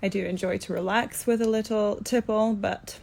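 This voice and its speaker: A woman's voice: fairly even intonation, moderate pace, creaky, darkish tone. Sleepy Scottish woman chatting. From Scotland. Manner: low-energy, sleepy, chatty. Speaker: actress answering fan questions. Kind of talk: casual Q&A chat. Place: indoor room during quarantine.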